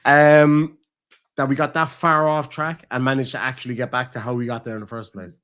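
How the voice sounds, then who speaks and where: A man's voice: mid-range voice, flat delivery, a little fast, a bit bright, clear, resonant tone. A young man chatting casually with his partner on stream, swearing freely and acting out quotes. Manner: swearing, rambling storytelling with acted quotes. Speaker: streamer host.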